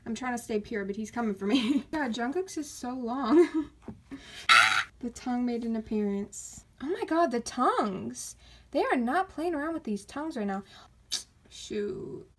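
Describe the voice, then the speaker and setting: A young woman, vlogging an excited unboxing reaction, giddy and exaggerated, mumbling one moment and squealing the next. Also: a little high, moderate pace, a little hiss or hum. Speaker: K-pop fan vlogger.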